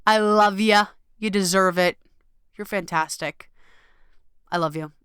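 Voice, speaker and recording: A woman hosting her own podcast in a casual solo talk, gushing and animated, acting out little inner voices and swearing casually. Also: medium pitch, a little slow, clean tone, no room sound, clean studio sound. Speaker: podcast host.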